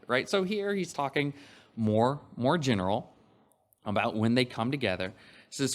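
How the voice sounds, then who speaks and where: A man delivering a sermon at a mid-range pitch, moving between scripture passages and plain explanation. He talks in a relaxed, conversational way, often restarting phrases and adding "you know" and "right?" to bring the listeners along. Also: normal speed. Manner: conversational, frequent fillers and restarts. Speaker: preacher.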